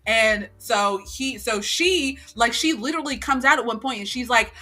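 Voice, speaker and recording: Bright-voiced woman telling a story. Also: a little high, moderate pace, hardly any pauses, faint music behind. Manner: animated storytelling, acting out quotes. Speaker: podcast co-host. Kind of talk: casual chat.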